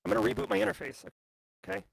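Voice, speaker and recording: A man hosting a live cybersecurity news stream, talking in a casual, animated way that jumps high and low. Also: racing, gravelly, no echo, poor audio. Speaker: livestream host. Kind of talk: casual livestream chat.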